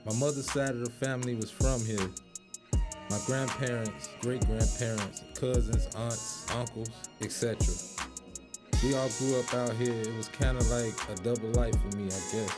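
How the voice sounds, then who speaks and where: A man from Illinois giving a documentary interview, recalling his childhood in a relaxed, reflective way. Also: medium pitch, moderate pace, loud music behind the voice.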